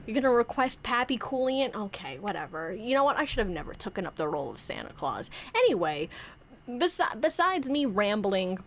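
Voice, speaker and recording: A woman's voice: on the high side, fairly bright tone, slight background noise. A young woman streamer chatting casually in a playful, rambling way, often interrupting herself as she acts out skits with her toys. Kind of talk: casual chat.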